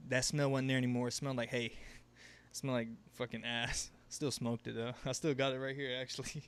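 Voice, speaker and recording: A man's voice: mid-range voice, clear, resonant tone. A man hosting a live question-and-answer stream, talking in a laid-back, rambling way, swearing freely and laughing often. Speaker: livestream host. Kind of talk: casual live Q&A chat.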